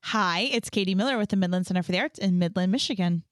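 A woman's voice: lowish voice, quick pace, no echo, clean studio sound. A woman co-hosting a podcast, telling a story in a cheerful, giggly way. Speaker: podcast co-host. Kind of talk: casual chat.

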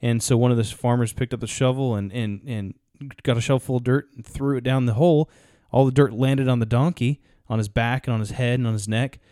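A man's voice: medium pitch, fairly even intonation, fairly quick, few pauses, warm tone, no room sound, clean studio sound. A man co-hosting a podcast, telling a story in a rambling way with frequent restarts. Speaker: podcast co-host. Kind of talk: casual podcast talk, storytelling.

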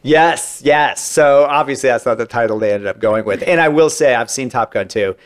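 A man's voice: medium pitch, moderate pace. A man on a podcast telling entertainment interview stories in a casual chat, acting out the quotes. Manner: animated anecdotes acting out quotes.

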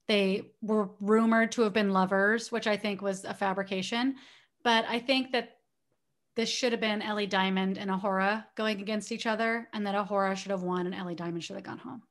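A woman co-hosting a casual chat, telling gossipy stories in an animated way. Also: medium pitch. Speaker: podcast co-host.

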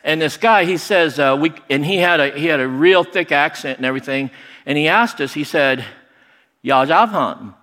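A middle-aged man telling a personal story in a lively, animated way, acting out other people's lines. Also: on the high side, a little fast. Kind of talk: personal story told to an audience. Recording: long hall reverb.

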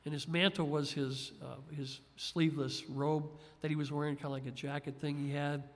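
A man's voice: a little high, little pitch movement, normal speed. A man preaching a sermon in a conversational, folksy way, with frequent asides to his listeners. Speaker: pastor. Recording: long hall reverb.

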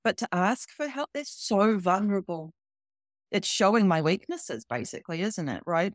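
A woman's voice: mid-range voice, lively intonation, normal speed, dry recording, clean studio sound. A woman guest on a recovery podcast, talking candidly and emphatically, swearing for emphasis.

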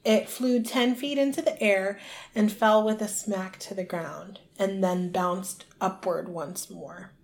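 With a medium-pitched, gravelly voice, a female podcast co-host chats casually through a book chapter, briefly slipping into put-on voices for each character's lines.

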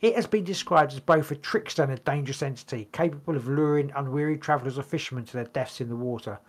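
A man's voice: medium pitch, quick pace. A man co-hosting a podcast, reading notes aloud in casual chat, stumbling over words and swearing casually. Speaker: podcast co-host.

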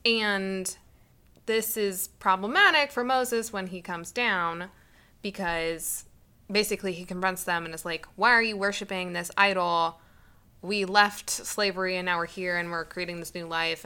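A woman co-hosting a podcast, chatting casually and adding wry, expressive comments. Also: medium pitch, clean tone. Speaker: podcast co-host. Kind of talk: casual chat.

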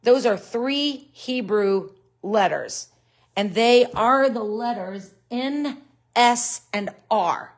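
A middle-aged woman with a Southern US accent, teaching a live-streamed Bible study in an unhurried, conversational way, and she gets indignant when she talks about critics. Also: on the high side.

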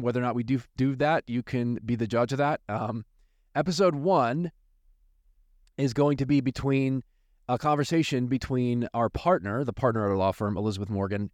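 A man with an American accent introduces his podcast as host, chatty and joking at his own expense, with frequent ums and uhs. His voice sits at a middle pitch. It is recorded close and dry, with no room sound. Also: a little mellow, no room sound. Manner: chatty, self-deprecating, with filler pauses.

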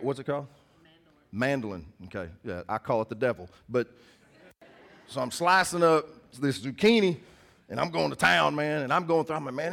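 A man preaching in a church, in a voice of everyday middle pitch. His talk is folksy and conversational, and he keeps turning to the congregation with questions. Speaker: pastor. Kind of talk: sermon.

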